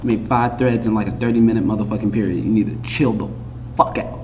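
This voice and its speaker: A man's voice: fairly low pitch, steady tone, quick pace, a little mellow, slight background noise. A young man vlogging to camera in a casual, profane rant, blunt and mocking as he talks over music and forum posts.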